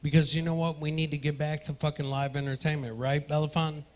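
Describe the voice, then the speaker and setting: A brash male stand-up comic riffing crudely with the crowd from a club stage. His voice sits a touch higher than most men's, and he swings between loud punchlines and muttered asides. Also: little pitch movement, fast, low-quality recording. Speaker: stand-up comedian and emcee. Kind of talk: stand-up comedy with crowd work.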